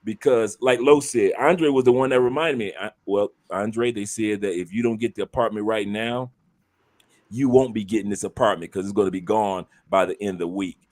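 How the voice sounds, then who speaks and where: A man's voice: fairly low pitch, brisk, darkish tone. A man hosting a live show, chatting easily and often repeating words as he thinks. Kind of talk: casual chat.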